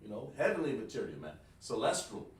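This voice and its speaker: A man teaches a live online class, patient and drilling each sound slowly through repetition. His voice sits in a middle pitch. He is heard from some distance in an echoey room. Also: big pitch swings. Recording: echoey room, far from the mic.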